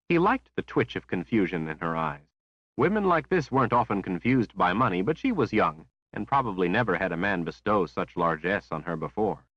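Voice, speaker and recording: A man narrating a fantasy audiobook in a measured, even storytelling manner. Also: deep voice, breathy edge, no echo, dull audio. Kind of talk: scripted narration.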